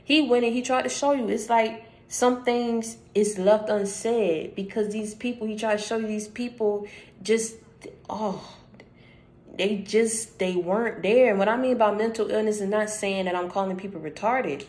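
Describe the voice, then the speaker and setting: A woman's voice: mid-range voice, steady tone, normal speed, darkish tone. Emphatic woman giving a spiritual talk. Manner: emphatic, repeats phrases for stress; conversational, addresses listener directly. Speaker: channel host giving a spiritual message.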